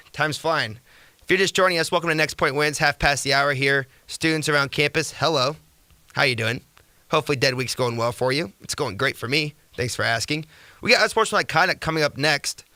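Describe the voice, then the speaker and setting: A young man hosting a casual sports talk radio show, energetic and rambling, who slips into rhetorical rants. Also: medium pitch, no echo.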